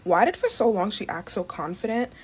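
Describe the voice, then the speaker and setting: Fast-talking woman dishing gossip. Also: medium pitch, sing-song, a little hiss or hum. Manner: gossipy, incredulous. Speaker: social media commentator. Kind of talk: quick opinion commentary.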